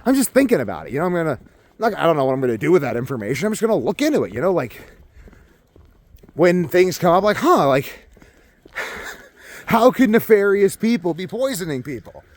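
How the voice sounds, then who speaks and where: Young male vlogger, high-pitched, profane emphatic ranting monologue. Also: very animated, fast.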